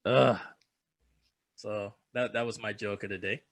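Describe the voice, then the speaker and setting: A man's voice: fairly low pitch, fairly even intonation, measured pace, a bit bright. A young man co-hosting a podcast in casual chat, joking loosely, swearing freely and laughing often. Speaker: podcast co-host.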